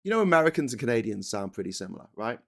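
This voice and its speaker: A man's voice: mid-range voice, big pitch swings, rapid-fire, gravelly, fairly bright tone. A man hosting a political commentary monologue, ranting with passion and repeating himself. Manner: impassioned, repetitive, ranting. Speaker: host.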